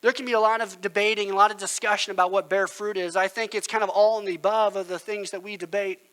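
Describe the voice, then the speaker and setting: A man's voice: high voice, fairly even intonation, fast talker, a bit bright, smooth, rough recording. A male pastor, preaching a sermon in an earnest, conversational storytelling manner.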